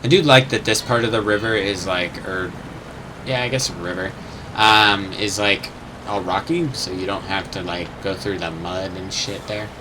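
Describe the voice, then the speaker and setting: Speaking at normal speed in a low voice, a young man casually narrates his gaming amid background noise. Unsure and meandering, he swears from time to time and hums small sound effects.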